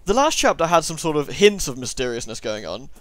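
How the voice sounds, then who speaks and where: A man's voice: a little high, very animated, a little fast, a bit bright, no room sound. A young man giving casual gameplay commentary with sarcastic, joking asides. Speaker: let's play host.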